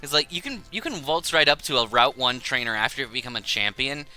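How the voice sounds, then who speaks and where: A man's voice: medium pitch, expressive, brisk, sharp tone, faint music behind. A man streaming a game, chatting casually, rambling and laughing often. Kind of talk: casual chat while gaming.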